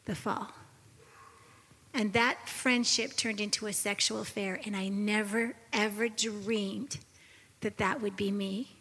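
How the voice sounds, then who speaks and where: A woman sharing a personal testimony on a Christian talk show, earnest and confessional, at times dropping to a soft whisper. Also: mid-range voice, steady tone, takes it slowly, slightly rough, in a large hall.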